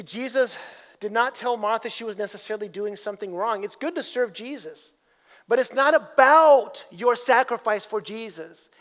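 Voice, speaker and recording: In a church sanctuary, a male pastor preaches a sermon in a very high, slightly bright voice. He speaks conversationally, circling back over his words before climbing to emphatic peaks. The room leaves a long, reverberant tail on the sound.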